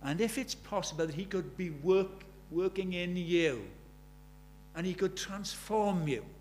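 Earnest older preacher. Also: male voice, sits high, a little slow, darkish tone, a little hiss or hum. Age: 70s. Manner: earnest, presses the congregation with rhetorical questions. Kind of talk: sermon. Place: church.

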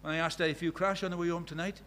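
Animated Welsh preacher, fairly high voice. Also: male voice, rapid-fire, slight background noise. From Wales. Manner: animated, swings from loud declaring to hushed asides. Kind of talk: sermon.

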